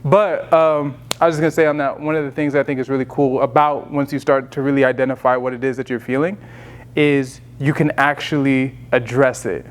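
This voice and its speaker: A man's voice: mid-range voice, steady tone, fairly quick. A man leading a self-care session, talking through emotions in a casual, conversational way, full of fillers and restarts. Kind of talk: casual teaching talk.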